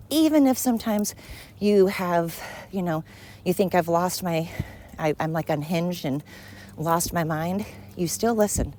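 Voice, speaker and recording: A middle-aged woman talks her way through a rambling podcast while walking outdoors, panting a little as the path climbs. Her voice sits fairly low, and she's blunt and chatty, swearing freely and making fun of herself. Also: mellow. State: out of breath while walking uphill. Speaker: podcast host. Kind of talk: casual rambling monologue. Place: outdoors walking, yard work noise around.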